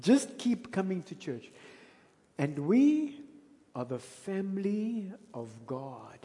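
A South African pastor speaks slowly with a high-pitched, dark male voice that swings widely in pitch. His sermon is a conversational story in South African English with emphatic bursts, recorded with the long reverb of a church hall.

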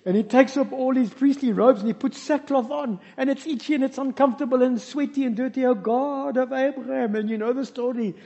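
A man preaching a sermon as pastor, telling lively stories with humorous asides. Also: very high-pitched, fast, hardly any pauses. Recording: reverberant hall, dull lo-fi sound.

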